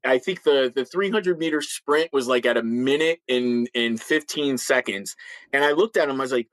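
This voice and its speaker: Speaking at a moderate pace in a mid-range, fairly bright voice, a retired cop in his fifties shares frank interview stories. He restarts frequently, doubles up words when beginning sentences, and talks bluntly and emphatically with a slight lisp. The recording is rough but has no room sound.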